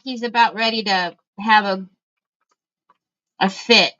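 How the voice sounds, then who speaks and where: A woman hosts a casual crafting livestream in a mid-range, fairly bright voice at a slow pace, with the highs cut off in the audio. She chats to viewers as she works and breaks off to call out to her family.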